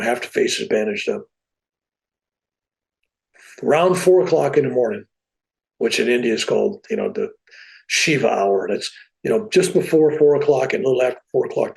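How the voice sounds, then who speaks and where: A man, a podcast guest, telling a personal story in a casual, animated, plain-spoken way. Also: medium pitch, gravelly, rough recording.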